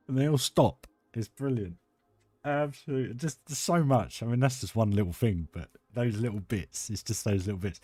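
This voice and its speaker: A man's voice: mid-range voice, brisk, dark tone, dry recording. A British man live-streaming a building game, chatting enthusiastically and rambling with restarts. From United Kingdom. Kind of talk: casual live-stream chat while building.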